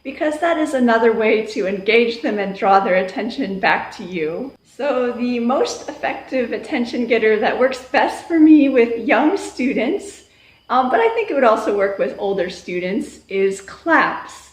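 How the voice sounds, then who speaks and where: A woman teacher explaining classroom attention getters in a calm voice, breaking into loud sing-song calls to her class. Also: a little high, unhurried. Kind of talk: instructional talk on classroom routines. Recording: echoey room.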